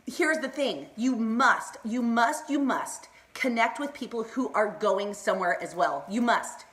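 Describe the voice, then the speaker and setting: A woman's voice: on the high side, expressive, unhurried, few pauses, fairly bright tone. A middle-aged woman chatting on a live stream, bubbly and rambling, laughing often and talking to her viewers by name. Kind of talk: casual Facebook Live chat.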